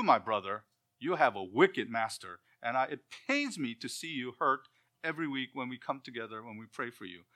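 A man's voice: on the high side, pushed and bright, voice pushed up. A man voicing an aging early Christian man who speaks earnestly and selflessly, pleading his case.

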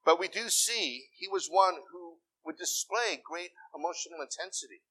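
Middle-aged male pastor, conversational sermon delivery, higher voice with a bright edge. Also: normal speed, low-quality recording. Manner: conversational preaching with asides and self-corrections.

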